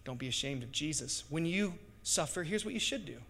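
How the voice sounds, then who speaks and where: A middle-aged man preaching a sermon as pastor, impassioned, swinging between hushed stretches and loud bursts. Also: on the high side, expressive, a little fast, vocal fry, husky. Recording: long hall reverb.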